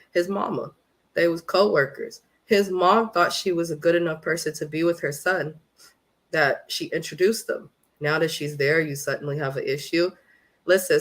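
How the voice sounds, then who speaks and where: Woman, from California, reality TV recap host, casual live commentary, blunt, swears a lot, strongly opinionated. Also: low voice.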